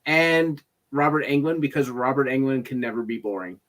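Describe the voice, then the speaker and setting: A man on a movie review panel giving his pick in a casual chat, with wry, deadpan asides. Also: medium pitch, moderate pace.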